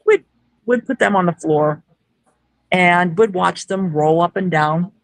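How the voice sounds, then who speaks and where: Gravelly low-voiced woman telling a story. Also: a little slow, dry recording, low-quality recording. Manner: lively, acts out quoted dialogue. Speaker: guest, paranormal investigator. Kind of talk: casual storytelling.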